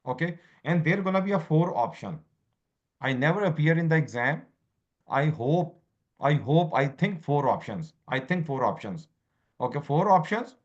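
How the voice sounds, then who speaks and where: A man's voice: on the high side, expressive, normal speed. A man teaching an online law exam class, quizzing students, repeating points and slipping into Hindi. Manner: switches between English and Hindi, quizzes students, repeats himself. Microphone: video call. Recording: muffled video call audio.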